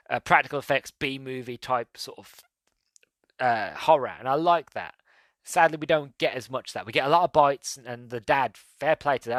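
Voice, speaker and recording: A man's voice: medium pitch, fairly bright tone, dry recording. Brief: male podcast host, rambling casual review, dry close sound. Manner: rambling, chatty, laughs at own retelling. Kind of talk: casual movie review chat.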